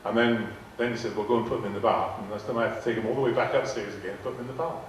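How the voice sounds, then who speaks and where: Older male raconteur, lowish voice, stumbling and repeating himself, heard from afar in a big echoing hall. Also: fairly even intonation, rapid-fire. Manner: rambling, repeats words, acts out quoted dialogue. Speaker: guest speaker telling anecdotes. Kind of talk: storytelling to a live audience. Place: large arts hall. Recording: echoey hall, distant mic, faint noise. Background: audience laughter.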